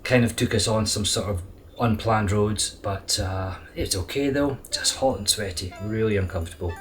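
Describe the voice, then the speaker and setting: A middle-aged man, worn out after a short night, talks through his travel diary in a low, unhurried voice. His delivery is dry and wry. Faint music plays in the background. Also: a bit bright. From Scotland. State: tired. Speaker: vlogger on a motorbike tour. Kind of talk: casual video diary.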